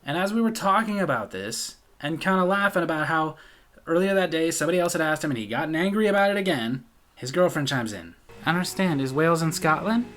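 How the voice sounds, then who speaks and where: A man's voice: on the high side, lively intonation, quick pace, a bit bright. An American man telling a comedic story from his life in a sardonic, exasperated way. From United States.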